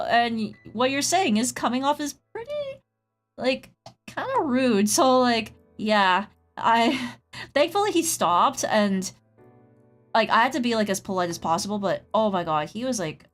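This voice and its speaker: A woman streaming while she draws, telling a rambling story in casual chat, full of "like", and stopping to greet her chatters. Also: fairly high pitch. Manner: rambling storytelling, heavy use of "like". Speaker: streamer and artist. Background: faint background music.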